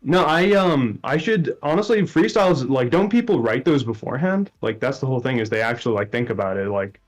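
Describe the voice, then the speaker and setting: A man's voice: mid-range voice, animated, brisk, faint music behind. A young man chatting on a stream over a video call, awkward and self-mocking, laughing often. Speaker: contestant on a dating stream. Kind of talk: casual stream chat.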